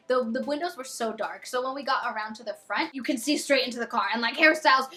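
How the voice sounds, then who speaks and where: A young woman in her twenties telling a storytime vlog with excitable, dramatic, gushing fangirl energy. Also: on the high side, fast, few pauses, soft background music. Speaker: vlogger.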